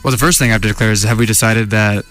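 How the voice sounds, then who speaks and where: A man's voice: lowish voice, steady tone, rapid-fire, a bit bright, soft background music. A young man co-hosting a student radio show, teasing and joking with his guest. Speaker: co-host. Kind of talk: casual radio interview.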